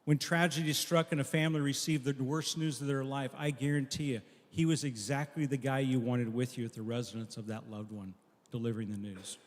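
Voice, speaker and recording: A man preaching a memorial sermon, telling a story earnestly and dropping soft at key lines. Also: mid-range voice, fairly even intonation, a little fast. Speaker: pastor at a memorial service. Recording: long echo of a large hall.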